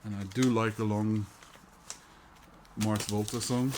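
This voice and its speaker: Background noise runs under a middle-aged man's fairly low, flat, unhurried voice as he chats casually about records he bought. The record collector vlogger sounds hesitant, with frequent fillers, restarts, and chuckles.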